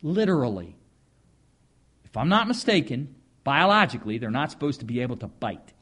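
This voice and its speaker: A pastor preaches a folksy sermon, drawing out his words and swinging between loud emphasis and quiet asides. His voice is husky and medium-pitched, with big pitch swings at a normal speed.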